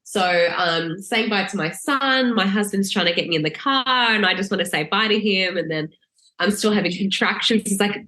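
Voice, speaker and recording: A woman telling her birth story as a podcast guest, lively and laughing, acting out the lines she quotes in a raised voice. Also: medium pitch, brisk, echoey room. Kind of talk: casual storytelling.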